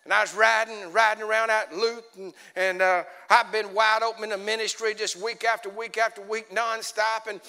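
A man preaching a folksy, animated sermon as an evangelist, swinging between quiet storytelling and shouting. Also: high voice, brisk, hardly any pauses, clear, resonant tone. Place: church. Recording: echoey church hall.

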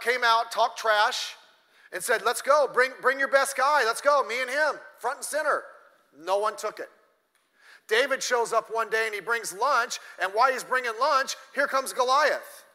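A man's voice: sits high, bright, forceful tone. A middle-aged man preaching a sermon, telling a story with acted-out lines and blunt, joking asides, coughing now and then. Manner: storytelling, acting out characters' lines. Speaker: pastor. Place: church. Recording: long hall reverb.

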